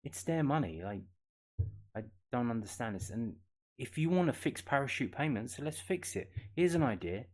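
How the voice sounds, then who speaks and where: A man's voice: mid-range voice, expressive, moderate pace, a little mellow. A man hosting a football news channel, ranting casually and bluntly with lots of swearing, fillers and restarts.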